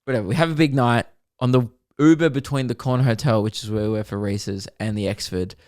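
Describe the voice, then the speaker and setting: A man's voice: mid-range voice, a little fast, no room sound, studio quality. A young man co-hosting a podcast, telling a story in casual chat and acting out what people said. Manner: animated storyteller, acts out quotes. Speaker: podcast co-host.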